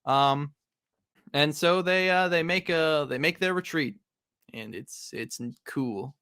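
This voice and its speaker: Bright-voiced man hosting a casual chat. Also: fairly high pitch, takes it slowly, clear, resonant tone, no room sound, studio quality. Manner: relaxed, rambling, with many fillers. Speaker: podcast host.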